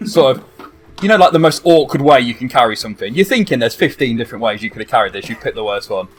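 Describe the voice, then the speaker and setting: A man runs a tabletop game in a casual, rambling narration that is full of fillers. His voice sits at an ordinary middle pitch. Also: expressive, quick pace. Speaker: game master.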